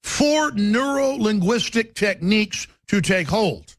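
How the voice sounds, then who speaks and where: A man hosting a talk radio show, with a raspy voice and an intense, forceful delivery that swings between fast and slow. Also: high voice, animated, no room sound. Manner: intense, forceful, shifting pace.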